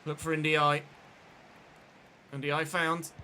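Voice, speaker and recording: With a fairly high, pushed and bright voice and a flat delivery, this streamer speaks very slowly while giving running commentary on a football video game. Swearing and frustrated outbursts come often, and there's a little hiss or hum.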